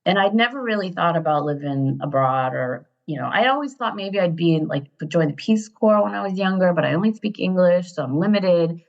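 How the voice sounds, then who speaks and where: Fifties American woman, interview guest; low, husky-fried timbre; lively rambling anecdotes; lo-fi recording. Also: a little fast, hardly any pauses. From Ohio, USA. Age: 50s. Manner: animated, digressive storyteller who laughs often. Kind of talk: casual storytelling interview. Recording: dull lo-fi sound.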